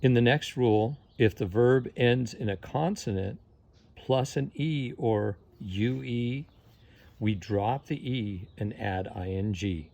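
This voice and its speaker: A man's voice: medium pitch, takes it slowly, creaky, warm tone. A man teaching English grammar, patiently spelling words out letter by letter and repeating each rule. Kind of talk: slow spelling-out lesson.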